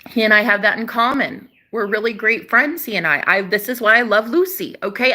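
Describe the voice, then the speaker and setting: A young woman with a bright, forceful voice talks straight to her viewers about spirituality. Her delivery is emphatic and preachy, with casual swearing and pet names like baby. It sounds like an unscripted vlog. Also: a little high, animated, fairly quick, hardly any pauses. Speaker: spiritual channel host. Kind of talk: casual spiritual talk to camera.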